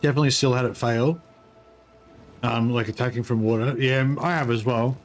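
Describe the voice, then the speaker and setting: A man giving casual, rambling commentary on his strategy game livestream, halting and talking while eating. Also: mid-range voice, steady tone, soft background music. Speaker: streamer.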